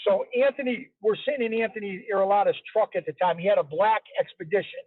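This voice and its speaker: A man's voice: sits high, fast talker, dry recording. A man as an interview guest, telling a story in a chatty, casual way and repeating himself for emphasis. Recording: tinny phone-line sound, dry.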